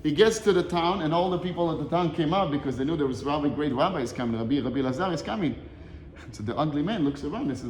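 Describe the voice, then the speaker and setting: Animated Torah teacher in an echoey room. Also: male voice, on the high side, brisk, a little hiss or hum. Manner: animated storytelling, switches between Hebrew quotes and English explanation. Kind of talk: short Torah lesson retelling a Talmud story.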